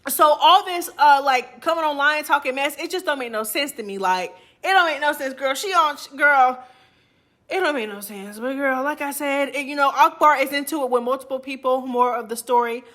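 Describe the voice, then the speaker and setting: Woman, host, high pitch, bright voice, sassy gossip commentary. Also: normal speed. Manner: chatty, sassy, calls viewers girl.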